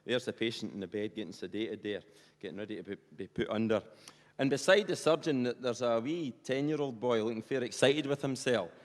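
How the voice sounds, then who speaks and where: A Scottish man with a Perthshire accent doing live stand-up, chatty and rambling, full of colloquial asides. His voice sits at a middle pitch. It echoes in a big hall with a long reverb. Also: brisk. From Scotland. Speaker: stand-up comedian.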